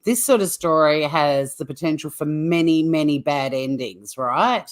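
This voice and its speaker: A woman, co-hosting a comedy news show and telling stories in a lively, teasing way. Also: deep voice, moderate pace. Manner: animated, teasing storyteller. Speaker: co-host. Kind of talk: casual comedic news chat.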